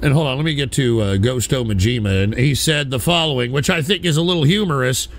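A man streaming live, reacting to clips with loud, profane outbursts. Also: mid-range voice, fast, slight background noise.

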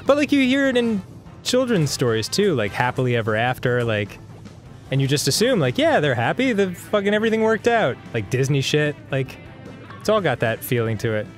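A man co-hosting a casual gaming show, joking loudly and laughing often. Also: on the high side, very animated, fairly quick, soft background music. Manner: goofy, laughs loudly, jokey voices. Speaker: co-host. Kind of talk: casual banter while gaming.

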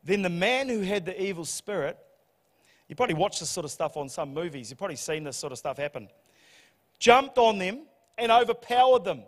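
A man preaching a sermon, telling the story in a humorous, animated way. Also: high-pitched, fairly quick. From New Zealand. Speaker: pastor. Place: church hall. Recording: church hall reverb.

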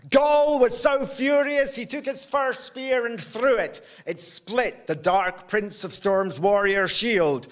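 Slow, high-voiced male storyteller. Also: a bit bright. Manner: slow, measured, rhythmic telling. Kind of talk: live storytelling of a folk tale. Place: workshop event, indoors.

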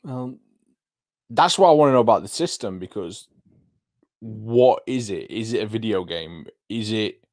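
A man's voice: on the low side, darkish tone. A young man co-hosting a podcast, chatting casually and musing aloud with questions. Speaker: podcast co-host. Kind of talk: casual chat.

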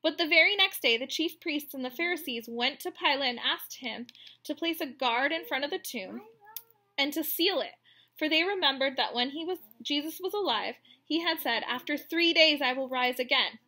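Bright, high-voiced woman reading bedtime stories. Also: normal speed. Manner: expressive, tender storytelling to a child.

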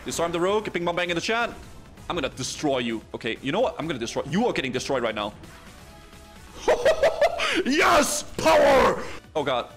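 A man streaming a video game match, commenting excitedly with stammered restarts and sudden laughing yelps. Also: on the high side, rapid-fire, over music. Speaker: streamer playing arena matches.

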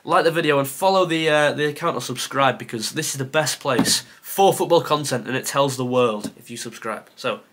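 A man talking himself through a timed quiz, half muttering and often sighing. His pitch sits at an ordinary middle level, and he pokes fun at himself between answers. It sounds like a casual creator video. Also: a little fast, hardly any pauses, noisy background. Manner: mutters to himself, sighs, self-deprecating. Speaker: football content creator. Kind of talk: thinking aloud during a timed quiz.

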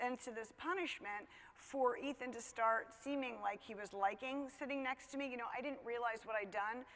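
A middle-aged woman telling a personal story about her son in a relaxed, conversational way, full of "you know" and self-mocking laughs. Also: high voice. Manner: conversational, chatty, many fillers like "you know", laughs at herself. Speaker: speaker telling a parenting story. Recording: long hall reverb.

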